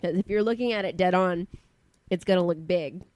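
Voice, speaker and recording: Chatty, low-voiced woman podcaster. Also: fairly quick, darkish tone, no echo. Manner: chatty, profane, apologetic storyteller. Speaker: podcast co-host. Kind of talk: casual chat.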